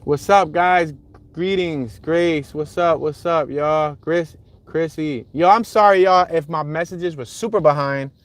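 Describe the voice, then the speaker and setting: A man's voice: a little high, measured pace. A man hosting a live driving tour, chatting casually and reading out viewer comments as he goes. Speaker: livestream host driving a neighborhood tour. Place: inside a car on city streets.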